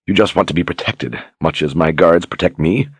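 An earnest young lord and war wizard who speaks plainly and courteously, voiced by a man reading an audiobook. The voice is very deep and a little husky. It sounds close and dry. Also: moderate pace, dry recording.

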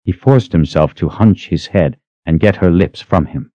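A man narrating an audiobook in a measured, even storytelling manner, close to the mic. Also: low-pitched, no echo, muffled recording. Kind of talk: scripted narration.

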